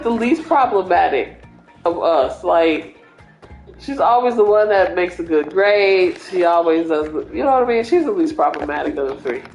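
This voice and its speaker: A young woman with a medium-pitched, slightly mellow voice chats casually on a livestream, rambling through stories with plenty of fillers. The room is echoey, and faint music plays.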